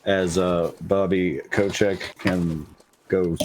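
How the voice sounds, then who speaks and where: Deep-voiced man chatting gaming news. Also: steady tone, darkish tone, a little hiss or hum. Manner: halting, many filler "uh"s, blunt jokes. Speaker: podcast co-host reading gaming news. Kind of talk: casual chat.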